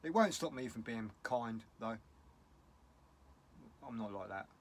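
A man's voice: mid-range voice, animated, unhurried. Upset rambling British man vlogging. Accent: British English. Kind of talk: casual vlog rant.

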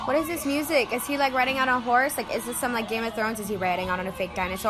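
A woman in her late twenties at home, chatting excitedly and reacting to a TV show into her phone. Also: fairly high pitch, quick pace, hardly any pauses, loud music behind the voice. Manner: excitable, chatty, swings to squeals and laughter. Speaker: vlogger watching TV. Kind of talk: casual reaction commentary.

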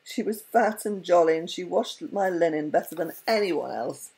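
A woman's voice: fairly low pitch, expressive, normal speed, creaky, mellow, breathy edge, heavily acted, rough recording. A woman reading a humble old merchant. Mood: humble courteous. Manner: courteous, humble.

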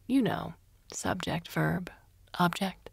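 A woman voicing a cruel female interrogator who speaks in slow, menacing whispers. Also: fairly low pitch, creaky, slightly rough, no echo, exaggerated voice. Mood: cold menacing.

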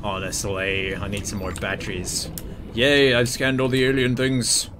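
Against a noisy background, a young man with a fairly low voice speaks a little slowly. His gameplay commentary is casual and jokey, and he excitedly mutters and yelps in panic throughout.

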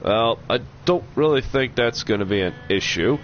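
This let's play features a man with a mid-range voice hosting his gaming channel, joking around goofily while he plays, in a slow, lively manner. The sound has its highs cut off and carries a faint hiss or hum.

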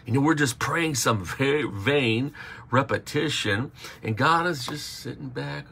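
Male pastor, livestream sermon, husky gravelly voice, punchy call-and-response preaching. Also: mid-range voice, a little slow, sharp tone. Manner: preaching with repeated phrases and calls for audience response.

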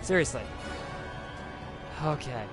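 A man giving casual gameplay commentary as a streamer, excitable and profane, with loud outbursts and rants at the game. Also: mid-range voice, takes it slowly. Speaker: gaming streamer. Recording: game music playing behind.

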